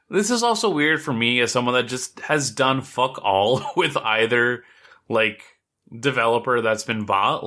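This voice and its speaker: Bright-voiced casual podcast co-host man. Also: mid-range voice. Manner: rambling and loose, swears casually, many fillers.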